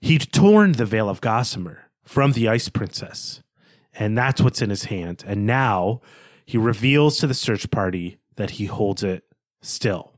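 A man's voice: lowish voice, lively intonation, a little slow, no echo, clean studio sound. Chatty man retelling a story. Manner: chatty, many fillers and restarts. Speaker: podcast co-host. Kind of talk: casual story recap.

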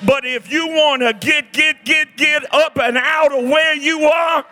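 A man in his sixties preaching a fiery sermon, shouting and exhorting his listeners. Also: very high-pitched, steady tone, measured pace. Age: 60s.

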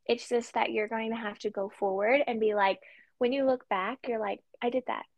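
A woman with a fairly high voice talks casually as a military spouse, lively and quick to laugh. She acts out what people say as she goes. The sound is close and dry, with no room echo. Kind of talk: casual podcast chat.

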